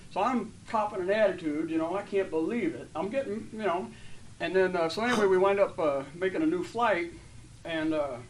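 A man's voice: on the high side, a little hiss or hum. Heartfelt man speaking from a distance. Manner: rambling and heartfelt, with many fillers and restarts; gets loud and animated when retelling stories. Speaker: church member sharing a testimony. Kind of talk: casual spoken testimony to a group. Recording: distant mic with faint room ambience.

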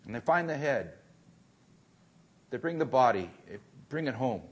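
A man preaching a sermon, telling a story that moves between hushed, quiet passages and rising intensity. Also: medium pitch, animated, unhurried, slightly rough, muffled recording.

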